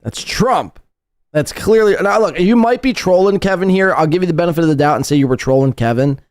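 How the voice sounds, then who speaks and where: A man's voice: high voice, expressive, a little fast, darkish tone, dry recording, studio quality. A man hosting a podcast, commenting sarcastically and mockingly on clips in a casual way. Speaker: podcast host.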